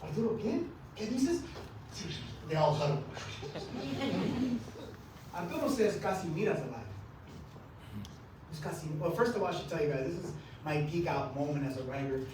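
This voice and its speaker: A man, an author, telling a story on stage with animated quoted voices. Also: on the high side, normal speed, pauses often. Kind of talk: live storytelling performance. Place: event hall with audience. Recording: echoey hall from far off, audience noise.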